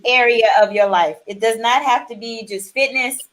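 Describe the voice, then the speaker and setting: A woman's voice: on the high side, normal speed, fairly bright tone. A woman hosting a live online interview, encouraging her guest and reading viewer comments aloud. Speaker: talk show host.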